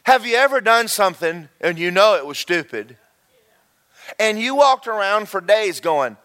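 A man preaching a sermon, folksy and animated, repeating himself and breaking into shouted asides. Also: sits high, a little slow. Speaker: pastor.

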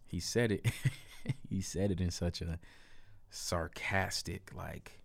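Deep-voiced guy telling a story, emphatic, lots of asides, dry sound. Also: drawn-out words, vocal fry, long pauses, no room sound. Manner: animated, emphatic, repetitive asides. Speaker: storyteller vlogger. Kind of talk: casual first-person storytelling.

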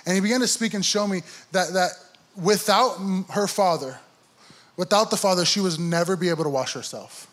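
A man's voice: high-pitched, fairly quick, fairly bright tone. A young adult man giving a heartfelt testimony in church, telling his story earnestly and acting out his inner dialogue. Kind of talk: sermon testimony.

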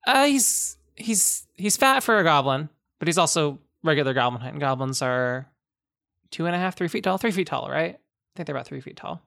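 A woman's voice: low voice, animated, brisk, creaky, fairly bright tone, no echo, clean studio sound. A woman game master narrating a tabletop game in a rambling way, with lots of restarts and laughs.

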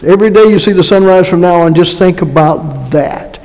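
A man with a Massachusetts accent preaches a conversational sermon, folksy and full of joking asides and restarts. His voice sits fairly high, with a gravelly edge. The sound carries the long reverb of a church hall. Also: normal speed, a little mellow. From North Carolina. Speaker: pastor. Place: church sanctuary.

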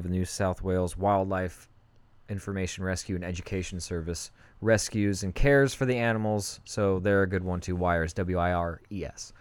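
A man's voice: low-pitched, smooth, no room sound. A young man co-hosting a casual podcast, rambling in a laid-back way and trailing off mid-sentence. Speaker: podcast co-host.

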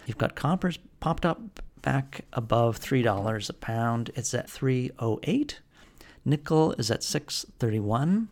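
A man's voice: mid-range voice, animated, a little slow, a little mellow. A man hosting a podcast, giving casual market commentary in a conversational way, with frequent fillers and restarts. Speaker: podcast host.

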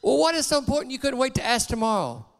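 A man voicing an angry, overworked father in a sermon story, scolding and shouting at his son. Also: high-pitched, sing-song, moderate pace, vocal fry, in a large hall, heavily acted.

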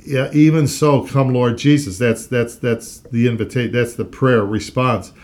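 An earnest man teaches the Bible in a relaxed, conversational way, sharing a talk show with a co-host. When he reads scripture aloud he builds his emphasis, then drops back to plain chat. His voice sits at an ordinary middle pitch for a man. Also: measured pace.

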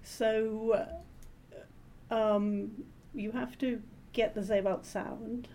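A woman translator being interviewed, explaining her work in a measured, thoughtful way with frequent pauses and ums. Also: fairly high pitch, flat delivery, warm tone, a little hiss or hum. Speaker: literary translator, interview guest. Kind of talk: thoughtful academic conversation.

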